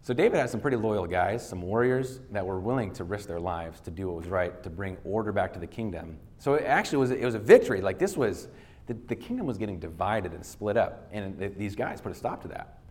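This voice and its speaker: A man's voice: lowish voice, expressive, fairly quick, a little mellow. A male pastor giving a sermon, retelling a scripture story in casual everyday words and reading verses aloud.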